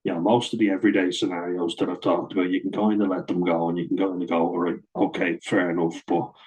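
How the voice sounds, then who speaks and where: A man's voice: deep voice, level tone, quick pace, a little mellow, muffled recording. A middle-aged man, bluntly telling a personal story to camera in a sweary, aggrieved way. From Ireland. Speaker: vlogger.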